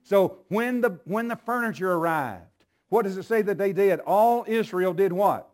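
A man preaching a sermon as pastor, swinging between low, slow teaching and loud, shouted exclamations.

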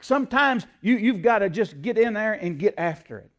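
A man preaching a sermon, emphatic and rising to loud peaks when quoting scripture, often asking the congregation to call out the next word. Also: sits high, lively intonation, normal speed. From United States. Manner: asks the congregation to fill in words.

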